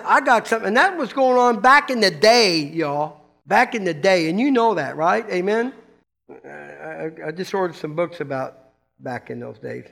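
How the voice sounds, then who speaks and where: An older male pastor delivers a lively, folksy sermon, swinging between excited bursts and quiet emphasis. His voice sits high for a man and carries a gravelly rasp. Casual slang like "dude" and "man" slips into his preaching.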